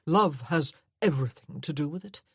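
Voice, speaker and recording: A woman's voice: sits low, lively intonation, normal speed, husky, no room sound, clean studio sound, full character voice. A woman voicing Percy, an earnest scarred earl. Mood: pleading. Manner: pleading, insistent, gentle. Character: earnest battle-scarred young male earl.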